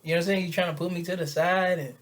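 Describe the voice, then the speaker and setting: A young man casually telling a rambling, slang-filled story in an animated way. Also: high-pitched, rapid-fire.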